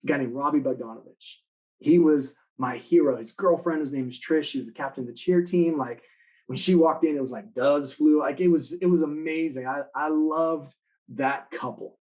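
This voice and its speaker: A man giving a motivational talk to students in an online live session, telling stories with lively acted-out quotes. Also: fairly high pitch, normal speed, muffled recording. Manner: animated storytelling, acting out quoted lines. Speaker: motivational speaker.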